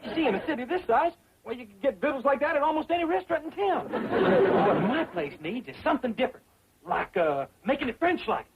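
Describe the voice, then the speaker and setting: A dopey bragging hillbilly kid, voice jumps all over, muffled old tv w/ loud laugh track. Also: male voice, very high-pitched, fast talker, over a noisy crowd, very noisy, exaggerated voice. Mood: goofy boastful. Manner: boastful, goofy, excitable. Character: dim-witted cocky young country bumpkin. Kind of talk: 1960s TV sitcom acting. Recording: lo-fi 1960s TV audio with laugh track.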